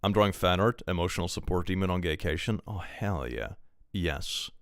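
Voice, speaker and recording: A man with a very low voice chats his way through reactions on a live stream. He rambles, reads posts aloud and laughs often, and the sound is dry and close to the mic with no room echo. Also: normal speed. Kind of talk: casual live-stream commentary.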